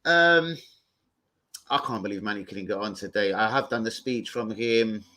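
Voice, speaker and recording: Excitable sweary man hosting. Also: fairly low pitch, normal speed. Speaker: host of a football fan show. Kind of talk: casual livestream chat.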